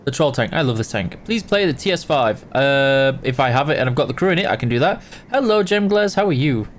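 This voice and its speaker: A man's voice: mid-range voice, expressive, fairly quick, a little hiss or hum. A man hosting a casual live game stream, greeting viewers by name and answering chat while tired and yawning.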